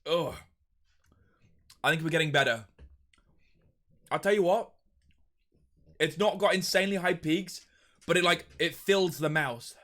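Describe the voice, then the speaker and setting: A man live-streaming a hot sauce tasting, giving an animated running commentary and complaining about the heat. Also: fairly high pitch, unhurried, pauses often. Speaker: livestreamer.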